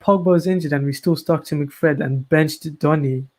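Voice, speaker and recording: Measured football podcast co-host, man. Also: fairly high pitch. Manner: measured, plays devil's advocate. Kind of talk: casual football podcast chat.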